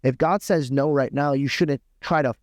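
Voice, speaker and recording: A man's voice: medium pitch, normal speed, no room sound. A man giving earnest, preachy faith encouragement as a podcast guest, in a mid-range voice. The recording is dry and close.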